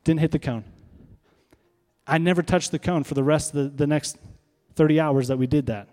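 A man's voice: on the high side, normal speed, a little mellow, faint music behind. Man preaching in a reverberant hall. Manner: conversational preaching with rhetorical questions to the congregation. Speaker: pastor. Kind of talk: sermon.

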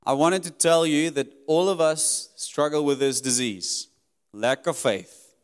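A man's voice: on the high side, measured pace, clean tone. Emphatic preacher man in a reverberant hall. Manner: earnest, emphatic preaching that rises and drops sharply. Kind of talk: sermon.

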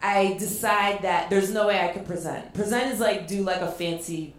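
A woman's voice: medium pitch, normal speed. A woman hosting a live comedy show, telling a self-mocking story with lots of filler words on stage. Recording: echoey live venue.

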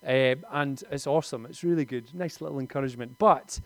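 A man's voice: mid-range voice, fairly quick, no room sound. Man preaching a sermon. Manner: conversational and lightly humorous, with personal stories.

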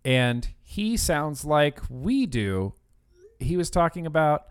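Man co-host, mid-pitched, smooth tone, loose rambling delivery full of fillers. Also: big pitch swings, a little slow. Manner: rambling, many fillers and restarts. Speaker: podcast co-host. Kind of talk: casual chat.

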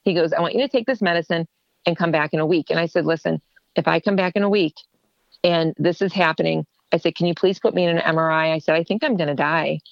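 Female interview guest, lower register, animated storyteller, dry close recording. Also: fast talker, vocal fry, dry recording, muffled recording. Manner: animated, acts out quoted dialogue.

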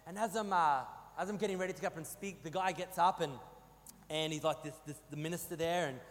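A man in his thirties with an Australian accent, preaching a sermon as a pastor, telling stories with animated, rising emphasis. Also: a little high, fast talker. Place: church hall. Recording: long hall reverb.

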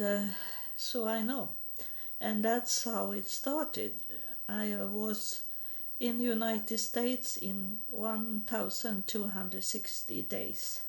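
A woman from Sweden, giving a halting personal testimony in English and often repeating words. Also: medium pitch, vocal fry, darkish tone. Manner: halting, repeats words, non-native grammar.

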